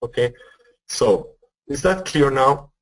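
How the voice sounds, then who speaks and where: On poor audio, a man with a medium-pitched, animated voice presents a live trading webinar, taking it slowly. He explains each step, repeats words, and keeps asking whether listeners are following along.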